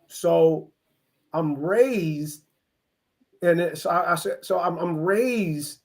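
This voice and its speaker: A middle-aged man from East Oakland, telling his life story as an interview guest, earnest and halting with many restarts. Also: on the high side. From East Oakland, California. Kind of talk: reflective personal storytelling.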